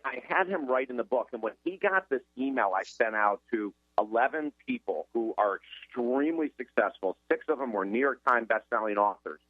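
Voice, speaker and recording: An energetic man speaks emphatically as a guest author in a radio interview. His voice comes through a thin, tinny phone line. The sound is dry, with no room around it. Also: mid-range voice, dry recording. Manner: emphatic, energetic motivational talk.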